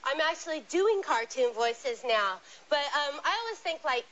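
A woman talk show guest bantering playfully, chatty and self-mocking with a drawn-out delivery. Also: high voice, lively intonation, fairly bright tone, highs cut off.

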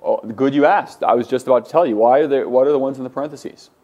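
A man's voice: medium pitch, fast talker, mellow, lo-fi sound. A man teaching a class, patiently explaining forms and drilling his students to say words aloud. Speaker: Greek teacher. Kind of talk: classroom lecture.

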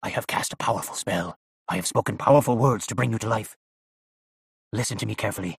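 A man playing an old evil sorcerer who speaks in a hushed, commanding, pompous way in an audiobook. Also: fairly low pitch, fast talker, gravelly, breathy edge, no room sound, studio quality, heavily acted. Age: over 60.

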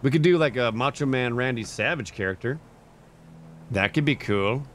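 A man's voice: medium pitch, lively intonation, moderate pace, a bit bright, slight background noise. Laid-back young male streamer. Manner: laid-back, chuckling, reads and thanks chat. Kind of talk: casual live-stream chat.

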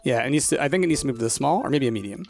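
Guy streaming a chill game w a friend, super lively voice, cracking jokes, light music behind. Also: mid-range voice, racing, gravelly. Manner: animated, laughs often, jokey. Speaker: let's play streamer. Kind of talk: casual co-op gaming chat.

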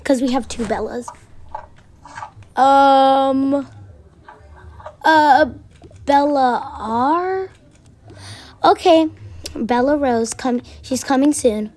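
A woman's voice: high voice, extremely slow, long pauses, darkish tone. A female speaker voicing a school office secretary who makes announcements and cites school policy. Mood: officious.

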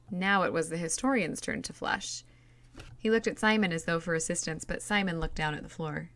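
Woman narrator for a read-aloud novel; steady plain delivery, low and gravelly. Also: fairly quick, dry recording. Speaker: reader.

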